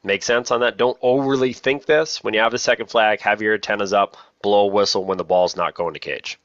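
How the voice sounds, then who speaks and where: A man's voice: fairly low pitch, fairly even intonation, a little fast, fairly bright tone, no room sound, highs cut off. A man training new lacrosse officials in a casual, self-deprecating way, often repeating key points. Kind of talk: casual online training talk.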